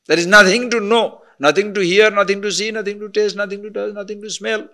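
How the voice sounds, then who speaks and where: A man gives a spiritual discourse as a teacher. He asks rhetorical questions and swings from emphatic to soft. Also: sits high, fairly even intonation, brisk.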